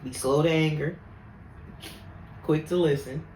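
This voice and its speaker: A woman podcast host telling stories about faith and anger, speaking in an animated, preachy way. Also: deep voice, unhurried, slight background noise. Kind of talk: casual faith talk. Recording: echoey room, faint ambience.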